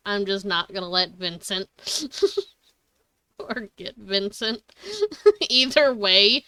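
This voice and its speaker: A woman's voice: medium pitch, sharp tone, clear, resonant tone, no room sound. A young woman streaming a game, chatting casually, giggling and swearing freely as she rambles and corrects herself. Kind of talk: casual live-stream chat.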